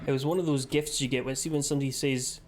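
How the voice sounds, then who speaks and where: A man's voice: mid-range voice, fairly even intonation, fast talker, a little hiss or hum. A man streaming a game live and chatting casually, with rambling, sweary asides.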